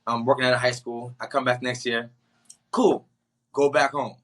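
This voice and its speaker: A young man from the Boston area tells a long personal story as a podcast guest. His voice is bright and forward at a middle pitch. He talks casually and loosely, with slang, and keeps slipping into the voices of the people he quotes. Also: normal speed. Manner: animated storyteller acting out quotes with slang and laughs. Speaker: guest, actor.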